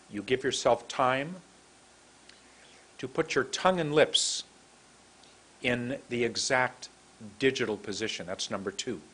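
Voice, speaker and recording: A man teaching English pronunciation to camera, speaking in a drawn-out, emphatic way and demonstrating mouth positions. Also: medium pitch, fairly bright tone, husky. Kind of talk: slow deliberate teaching to camera. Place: room with a computer and camera.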